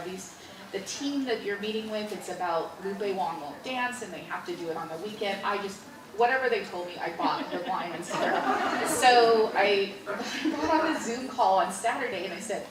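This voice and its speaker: A middle-aged woman author telling stories in an interview at a library event, often laughing as she talks. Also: mid-range voice. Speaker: author guest. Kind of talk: storytelling interview. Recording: roomy, distant mic with background hiss.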